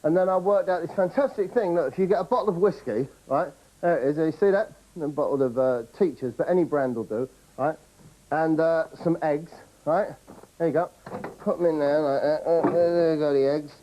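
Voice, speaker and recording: A man's voice: fairly high pitch, brisk, lo-fi sound. Rambling, boastful comic man. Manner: rambling, boastful, chatty with frequent "right?". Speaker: comedy show host. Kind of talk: comic monologue to camera.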